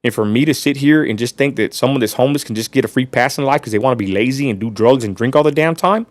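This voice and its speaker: A man's voice: mid-range voice, fast, no room sound. Livestream host, male, West Texas accent, blunt ranting delivery, dry close sound. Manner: blunt, ranting, addresses viewers as y'all. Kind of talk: casual livestream rant.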